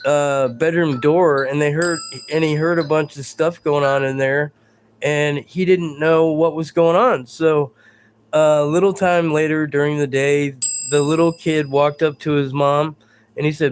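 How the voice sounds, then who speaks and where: Slow-talking man chatting on a live stream. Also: on the high side, fairly even intonation, slight background noise. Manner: rambling, self-deprecating, stumbles over words. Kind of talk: casual live-stream chat reading viewer comments.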